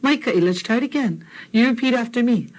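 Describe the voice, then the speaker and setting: A woman teacher who explains phrases and repeats them slowly and encouragingly for learners. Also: fairly high pitch, expressive, poor audio. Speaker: Hawaiian language teacher. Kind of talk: language lesson explanation.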